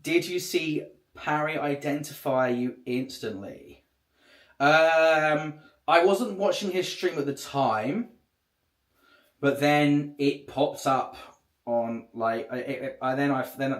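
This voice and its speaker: A man chatting casually on a livestream, rambling and swearing a lot. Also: mid-range voice. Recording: echoey room.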